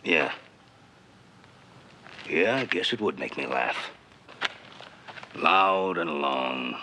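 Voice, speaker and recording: An actor playing a steady, wise rancher patriarch in a 1960s TV western, talking calmly, firmly and persuasively. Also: male voice, rumbling low, takes it slowly, slight background noise, full character voice. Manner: calm, firm and persuasive.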